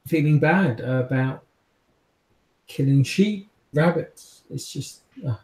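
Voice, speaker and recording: A man running a tabletop game as game master, narrating dark scenes in a dramatic, halting way. He speaks at a mid pitch, and his voice rings in an echoey room.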